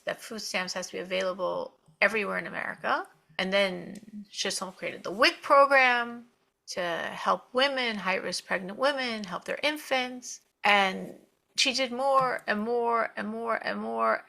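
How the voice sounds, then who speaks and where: Bright, animated woman storyteller. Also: medium pitch, creaky. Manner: animated, expressive storytelling with many "like"s. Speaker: host. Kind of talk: storytelling talk.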